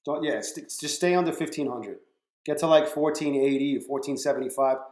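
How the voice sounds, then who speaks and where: A man's voice: medium pitch, fairly quick, darkish tone. A man hosting a casual live stream from home, talking to his viewers by name and swearing freely. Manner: profane, talks to chat viewers by name. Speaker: livestream trading host. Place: home room. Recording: roomy echo.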